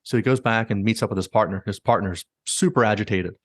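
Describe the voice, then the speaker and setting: Fast-talking low-voiced man retelling stories. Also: no echo, clean studio sound. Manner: rapid retelling with many likes and quoted asides. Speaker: podcast host. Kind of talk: casual storytelling.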